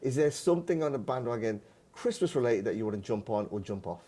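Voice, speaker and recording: A man hosting a podcast, asking long questions haltingly with many restarts. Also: medium pitch, lively intonation, warm tone. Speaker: podcast host. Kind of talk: interview questions.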